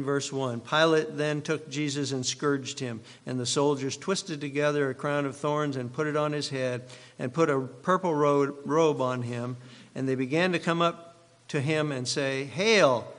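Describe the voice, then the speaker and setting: A man, a pastor, reading scripture aloud and preaching in a sermon, with a measured and dramatic delivery. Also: fairly high pitch, steady tone, a bit bright. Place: church sanctuary. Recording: long reverb of a large hall.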